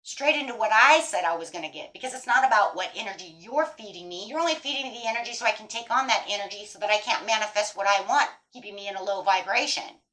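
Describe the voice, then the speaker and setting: A woman's voice: mid-range voice, expressive, fast talker, hardly any pauses, pushed and bright, poor audio. A woman giving a tarot reading in a blunt, emphatic way, swearing freely as she talks straight to her viewers. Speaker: tarot reader.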